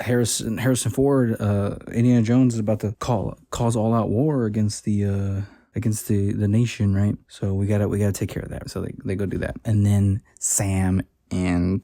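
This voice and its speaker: A man's voice: on the low side, brisk, hardly any pauses, warm tone, dry recording, studio quality. Rambling man recapping a movie. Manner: rambling, filler-heavy, joking asides. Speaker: movie reviewer.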